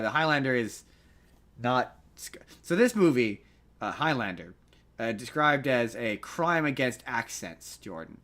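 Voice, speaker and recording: Bright-voiced man rambling about movies. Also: mid-range voice. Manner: rambling, self-correcting, jokey. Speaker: podcast co-host. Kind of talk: casual movie chat.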